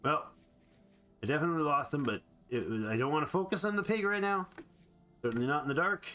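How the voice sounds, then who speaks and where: A man's voice: on the high side, fast, pushed and bright. A man giving playful, rambling let's play commentary on a survival game, chatting to the animals he meets. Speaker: gamer.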